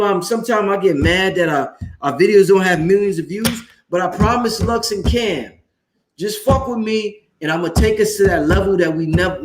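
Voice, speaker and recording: A man hosting a livestream, talking in a casual, excited and self-assured way and swearing freely. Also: sits high. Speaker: livestream host. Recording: roomy, echoey room sound.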